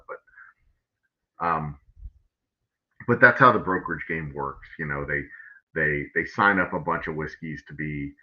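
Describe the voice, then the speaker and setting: A very low-voiced man with a drawl spins a meandering, profane story for his livestream chat. He keeps restarting sentences and dropping "uh" and "you know". The audio is dull and lo-fi. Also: a little slow, long pauses. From Texas. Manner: rambling, profane, many fillers and restarts. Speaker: distillery owner hosting a livestream.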